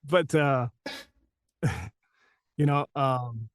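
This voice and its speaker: A man's voice: medium pitch, extremely slow, no room sound, studio quality. Chatty male voice actor telling stories. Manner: rambling, anecdotal, laughs often. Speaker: voice actor guest. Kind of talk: casual interview chat.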